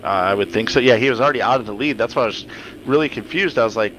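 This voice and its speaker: A man's voice: mid-range voice, fast, slight background noise, rough recording. A man giving casual, joking play-by-play commentary on a simulated motocross race, swearing freely. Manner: joking, profane, excitable.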